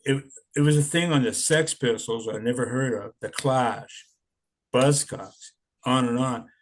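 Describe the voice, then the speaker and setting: With a mid-range voice and a slightly slow pace, this man in his sixties, a punk musician being interviewed, spins loose, relaxed stories full of swearing. A little hiss or hum runs underneath.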